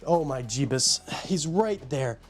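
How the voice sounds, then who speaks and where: A man's voice: medium pitch, animated, measured pace, background noise. A man casually chatting on a live stream from a room at home, rambling as he greets viewers by name. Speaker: live streamer showing his pet enclosures.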